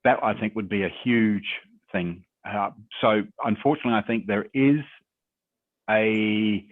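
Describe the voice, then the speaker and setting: A man's voice: fairly low pitch, a little slow, dry recording. Man's voice, tinny dry call audio. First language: English. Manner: conversational, reflective, encouraging, with rhetorical tag questions. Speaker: guest speaker on public speaking. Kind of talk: webinar Q&A advice. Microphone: video call.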